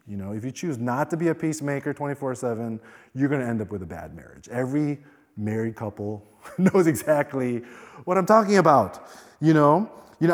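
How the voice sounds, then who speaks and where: A man preaching a sermon in a relaxed, conversational storytelling way, full of "you know" asides. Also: mid-range voice. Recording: reverberant hall.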